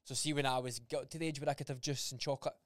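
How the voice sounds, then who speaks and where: A man's voice: mid-range voice, fairly even intonation, racing, no room sound, clean studio sound. A young man in a casual podcast chat, blunt and swearing freely, acting out remembered conversations. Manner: blunt, swears freely, acts out quoted dialogue. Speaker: podcast co-host.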